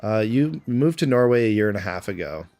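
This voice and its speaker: A man's voice: lowish voice, animated, brisk, darkish tone, faint music behind. A man with a Canadian accent, chatting casually on a live stream and answering viewers' questions aloud. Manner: chatty, answers chat questions aloud between game moments.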